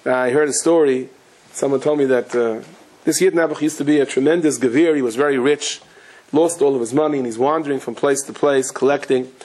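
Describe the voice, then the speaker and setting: A rabbi giving a Torah lecture, telling stories in a lively way with Yiddish and Hebrew terms mixed in. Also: male voice, mid-range voice, fairly quick, slightly rough, rough recording. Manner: animated storytelling, sprinkled with Yiddish and Hebrew terms.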